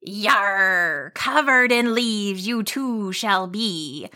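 Woman doing a rhyming leaf monster: slow, gruff, proud, storybook creature. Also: medium pitch, expressive, sharp tone, heavily acted. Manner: slow, rhyming, old-fashioned speech.

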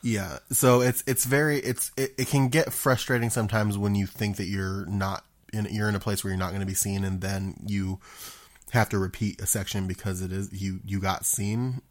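Casual male podcast guest, lowish voice, halting delivery. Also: fairly even intonation. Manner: hesitant, many ums and restarts. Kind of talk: casual chat.

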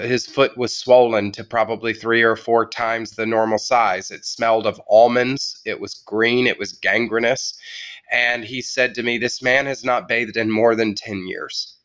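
A man's voice: medium pitch, fairly bright tone, clear, resonant tone. Reflective male guest telling a story. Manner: reflective, measured, halting restarts. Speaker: guest writer. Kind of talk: interview storytelling.

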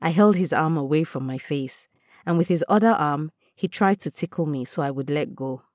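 A woman reading a first-person story aloud in a calm, measured way. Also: low voice, no room sound, studio quality. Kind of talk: scripted first-person narration.

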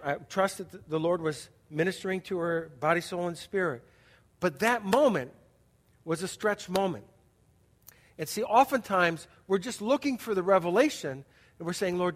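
A man preaching a sermon as a pastor, telling a story in a conversational way with asides to the congregation. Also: high-pitched. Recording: long hall reverb.

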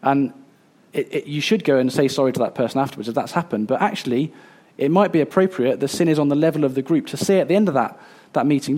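A man in his thirties preaching a sermon, earnest and a little halting, with fillers and restarts. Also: mid-range voice, darkish tone. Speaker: pastor.

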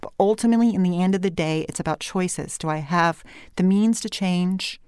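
A woman voice and speech coach with a Californian accent, explaining her work in an animated interview conversation. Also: lowish voice, normal speed, no echo, studio quality. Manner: animated explanatory talk with light vocal fry and uptalk.

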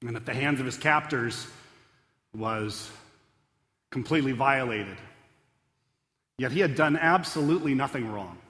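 A male pastor delivers an earnest chapel sermon, pressing hard on key words and then dropping low into prayer. His voice is bright and forward. It rings out with a long reverb through a large hall. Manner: earnest, swings between emphatic and hushed.

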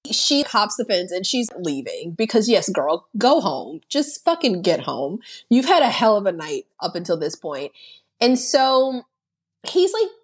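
A woman's voice: mid-range voice, big pitch swings, unhurried, slightly rough. A woman co-hosting a podcast, casually recapping a movie with plenty of swearing and laughter. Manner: profane, laughing storyteller. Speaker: podcast co-host.

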